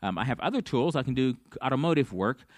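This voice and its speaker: A man's voice: medium pitch, lively intonation, fast, dry recording, studio quality. A man preaching a sermon, telling stories and acting out the people in them. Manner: storytelling, acts out dialogue. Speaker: pastor.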